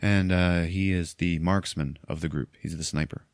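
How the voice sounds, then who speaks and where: A low-voiced man hosts a podcast, retelling a movie in a loose, chatty way. He laughs often, swears casually and slips into the characters' lines. His voice is close and dry. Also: steady tone, normal speed, no room sound. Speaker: podcast host.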